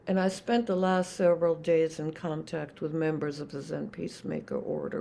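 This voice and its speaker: An older woman, a Zen teacher, giving a reflective dharma talk with many pauses and restarts. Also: low-pitched, steady tone, vocal fry, warm tone, slight background noise.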